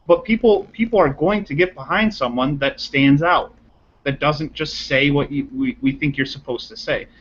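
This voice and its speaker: A man's voice: on the high side, husky, dull audio. A man arguing his case in a political panel discussion, driving points home by repeating them. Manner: argumentative, repeats points for emphasis.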